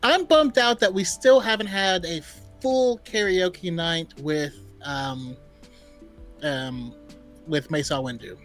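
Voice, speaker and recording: A man's voice: on the high side, a bit bright, faint music behind. A man co-hosting a fan podcast in casual chat, playful and jokey. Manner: playful, jokey, slow-talking. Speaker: podcast co-host.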